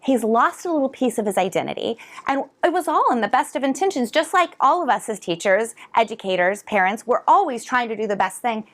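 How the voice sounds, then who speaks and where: A middle-aged woman educator giving a conference talk to parents and teachers, animated and drawing answers from the audience. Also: a little high, a little fast, few pauses. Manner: animated, asks the audience to respond. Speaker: educator presenter. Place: conference hall.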